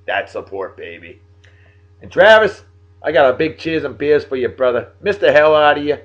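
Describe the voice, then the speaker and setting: A man hosting a daily video show, reading out shout-outs to viewers in a jovial, folksy way with lively swings in his voice. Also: normal speed, muffled recording. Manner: jovial, folksy, animated, big pitch swings. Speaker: host of a daily beer and song video show. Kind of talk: casual shout-outs monologue.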